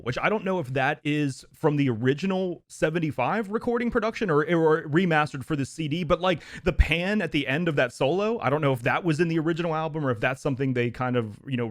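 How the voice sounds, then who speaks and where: A man's voice: a little high, dry recording. Male host, casual music discussion; easygoing, talkative, dry close mic. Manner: relaxed, chatty, laughs easily. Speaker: podcast host and editor. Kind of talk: casual music review chat.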